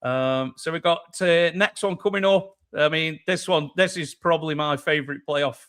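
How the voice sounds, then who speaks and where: Bright-voiced chatty podcast host, man. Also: on the high side, moderate pace, clean tone. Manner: animated, says "mate" and "man" a lot. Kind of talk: casual sports chat.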